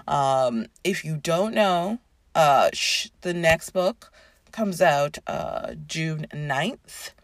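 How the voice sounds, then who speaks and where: A woman's voice: deep voice, vocal fry, dry recording. A woman giving a casual book review, gushing and rambling with many fillers, and reading a passage aloud.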